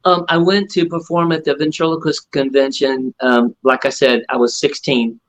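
A man's voice: mid-range voice, little pitch movement, moderate pace, rough recording. A middle-aged man and ventriloquist guest, telling stories in a casual interview and acting out other people's lines with animation.

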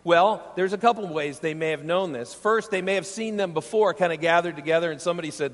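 A man from Iowa preaching a sermon as pastor, emphatic and animated, often checking in with his listeners with rhetorical questions. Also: on the high side, fast talker, hardly any pauses. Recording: long reverb of a large hall.

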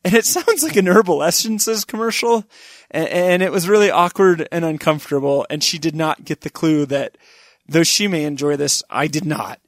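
A middle-aged man telling funny personal stories, with wry asides and sudden high-pitched emphasis. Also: moderate pace, no echo, studio quality. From Wyoming. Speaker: storyteller. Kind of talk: comic personal storytelling.

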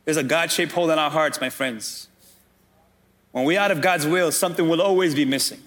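High-voiced man preaching a sermon. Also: a little fast, a bit bright. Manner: preaching, addressing the congregation directly. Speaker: pastor.

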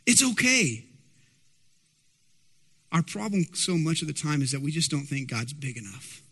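A man's voice: on the high side, a little slow, fairly bright tone, slightly rough. A man preaching a sermon as pastor, emphatic and asking the congregation rhetorical questions. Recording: long hall reverb.

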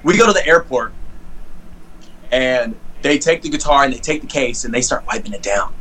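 A man's voice: medium pitch, lively intonation, normal speed, bright, forceful tone, a little hiss or hum, low-quality recording. A man from St. Louis, a guest musician, telling stories in a rambling way with lots of fillers, talking into a phone on a video call from home. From St. Louis, USA. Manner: rambling, many fillers and restarts. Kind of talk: casual storytelling chat.

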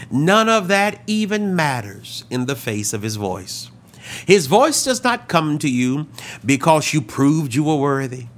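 A man preaching a sermon as a pastor, telling stories with dramatic swings between loud and hushed delivery. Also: a little high. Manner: dramatic storytelling, acts out quoted voices, swings loud and hushed.

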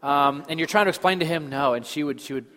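A man in his thirties preaching a sermon as pastor, moving between loud emphasis and soft, hushed lines. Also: fairly high pitch, fast. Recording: long hall reverb.

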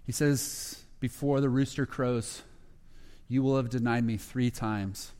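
A pastor telling a Bible story as a sermon, acting out the quoted lines and growing hushed at the tender moments. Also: male voice, medium pitch, steady tone, measured pace, smooth. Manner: retells scripture with quoted dialogue, dropping to a hushed voice at emotional moments. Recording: long hall reverb.

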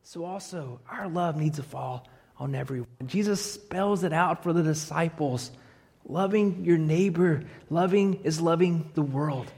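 High-voiced preacher in a reverberant hall. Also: male voice, measured pace. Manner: animated preaching with joking asides. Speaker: pastor. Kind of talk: sermon.

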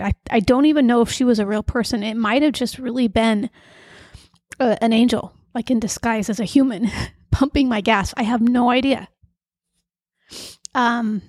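A middle-aged woman host telling personal stories in an earnest, confiding way, with soft fillers between thoughts. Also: on the high side, dry recording, clean studio sound. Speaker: podcast host and emotional coach. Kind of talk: personal storytelling monologue.

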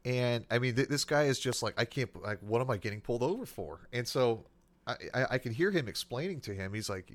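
A man's voice: medium pitch, brisk. Man telling a cop story, laughing. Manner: animated, laughs while telling stories. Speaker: police officer, guest. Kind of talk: casual storytelling.

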